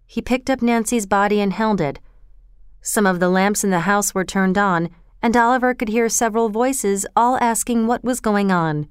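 A woman narrating a storybook in an even, clear reading manner. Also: medium pitch, moderate pace, no echo, studio quality.

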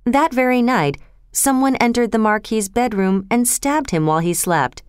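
A woman narrating a classic storybook tale in a measured, clear way. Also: on the high side, no room sound, clean studio sound. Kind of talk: storybook reading of a classic novel.

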